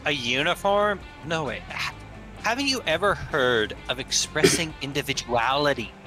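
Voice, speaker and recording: A man's voice: a little high, moderate pace, soft background music, voice pushed down. A man voicing an irritated young female witch who just wants to read, in a dry, sarcastic way. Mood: deadpan. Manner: deadpan, sarcastic.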